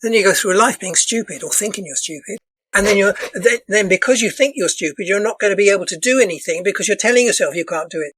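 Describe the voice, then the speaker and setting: A man with a voice going hoarse, a dance counsellor explaining things earnestly as a podcast guest, looping back and restarting his phrases as he talks. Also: high-pitched, fast, a bit bright, dry recording, poor audio. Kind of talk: casual podcast interview.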